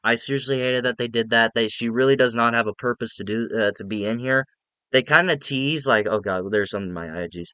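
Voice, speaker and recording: A man's voice: mid-range voice, a little fast, pushed and bright, smooth, dry recording. A man giving a casual, rambling spoken movie review, frank and often restarting his sentences.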